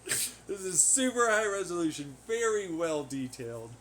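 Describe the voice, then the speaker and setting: A man hosting a podcast in a rambling, casual monologue, swearing freely, laughing often and getting loud when excited. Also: high voice, normal speed. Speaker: podcast host. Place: at home on laundry day.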